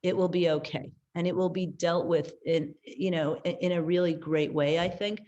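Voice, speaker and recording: A woman's voice: fairly low pitch, steady tone, moderate pace, mellow, muffled recording, a little hiss or hum. A woman co-host talking in a reflective, earnest way in casual chat.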